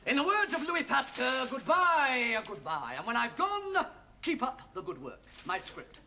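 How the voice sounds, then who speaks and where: A mocking, bored young doctor. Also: male voice, very high voice, sing-song, unhurried, creaky, sharp tone, exaggerated voice. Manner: sarcastic, theatrical reading. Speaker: young doctor reading a script. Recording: noisy old TV sitcom soundtrack.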